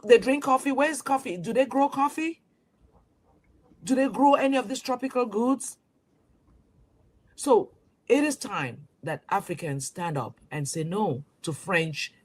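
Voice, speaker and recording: A woman's voice: fairly high pitch, animated, a little slow, long pauses. Woman from cameroon, magazine publisher, talks with lots of emphasis and rhetorical questions, restarts a lot. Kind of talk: impassioned interview talk.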